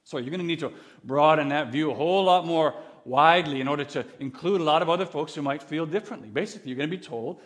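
A man preaching a sermon in an earnest, conversational way, animated and full of restarts. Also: fast talker. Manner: animated, acts out quoted voices with big pitch swings. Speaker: pastor.

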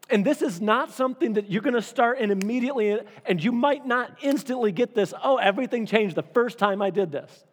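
Guy pastor giving a sermon, kinda high voice, long echo off the hall. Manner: conversational, repeats phrases for emphasis.

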